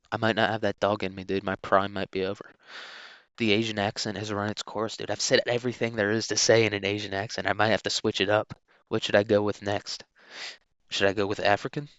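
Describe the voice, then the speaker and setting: A young man hosting a solo podcast, rambling crudely and filling every pause with dude and like. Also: fairly low pitch, a bit bright, clear, resonant tone, no room sound, muffled recording. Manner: rambling, crude, filler-heavy, keeps saying dude. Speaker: podcast host.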